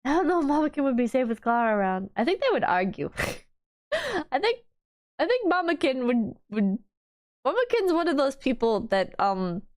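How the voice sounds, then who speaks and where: A woman streamer chatting casually on a livestream, gushing and bubbly, piling on fillers and restarts, and swooping up high when excited. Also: normal speed. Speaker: VTuber streamer.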